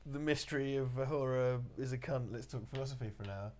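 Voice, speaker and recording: A man's voice: medium pitch, quick pace, a little mellow. A man co-hosting a casual livestream, joking and giggling as he riffs on a film. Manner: giggly, jokey, hums a spy theme jingle. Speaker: co-host riffing on a film.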